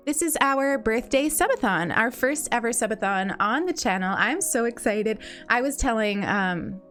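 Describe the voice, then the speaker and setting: A woman hosting a livestream in casual chat. She greets viewers in a bubbly way, repeats her phrases and laughs often, and has a slight morning cough. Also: high-pitched. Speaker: livestream host.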